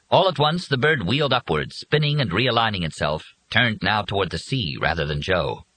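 A man reading an audiobook in a husky voice with dramatic, expressive scripted narration. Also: low-pitched, normal speed, few pauses, dry recording, rough recording.

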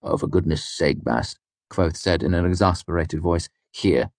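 Guy reading a worldly innkeeper, low voice, wry and knowing. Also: normal speed, no echo. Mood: exasperated. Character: worldly, patient male innkeeper.

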